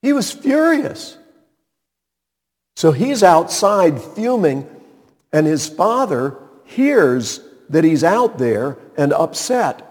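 A man's voice: on the high side, big pitch swings, takes it slowly, a little mellow. A man preaching a sermon, retelling a story with dramatic emphasis and sudden emphatic peaks. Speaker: pastor. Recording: reverberant hall.

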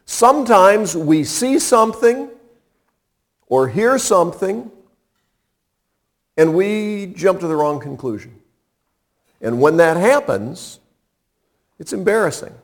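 Lively, unhurried male preacher. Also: sits high. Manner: conversational and humorous, with dramatic pauses. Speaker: pastor. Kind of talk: sermon.

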